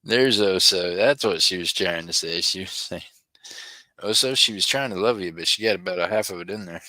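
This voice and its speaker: A man's voice: low-pitched, fairly quick, pushed and bright, no echo, rough recording. A middle-aged man, hosting a live-stream auction in a chatty way, reading viewer comments aloud and chuckling often. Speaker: livestream auction host. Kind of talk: casual live-stream chat.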